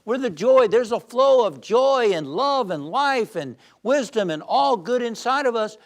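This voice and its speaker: A man giving an uplifting sermon as a spiritual teacher, animated and shifting between loud emphasis and soft calm, who tells jokes. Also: extremely high pitch, a little slow. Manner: tells jokes with acted voices.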